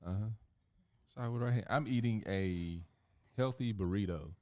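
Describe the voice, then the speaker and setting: A man's voice: on the low side, moderate pace, darkish tone, no room sound, studio quality. A man co-hosting a podcast in casual chat, laid-back and mumbling. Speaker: podcast co-host.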